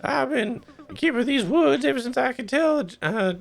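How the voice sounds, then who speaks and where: A man putting on a gentle old woman who tends the woods in a video game, her voice pitched very high and gravelly with fry. She fusses sweetly over strangers, with faint music behind her. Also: lively intonation, moderate pace, full character voice. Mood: kindly. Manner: sweet, fussing, high quavering old-lady voice.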